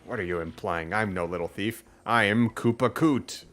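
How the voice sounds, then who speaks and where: A man voicing a pompous, rambling old male turtle in a game playthrough, slow and haughty. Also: lowish voice, a bit bright, faint music behind, lightly acted.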